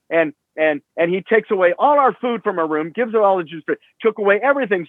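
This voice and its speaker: A man's voice: sits high, no room sound. A man in his sixties, a rock musician guest, telling stories in a rambling, profane way full of fillers, over a remote call. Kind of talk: casual storytelling. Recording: tinny phone-like line.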